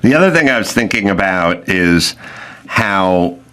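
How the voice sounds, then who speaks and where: Brief: co-host, male, rambling and animated, bright voice. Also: low-pitched, unhurried, smooth. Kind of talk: casual podcast chat.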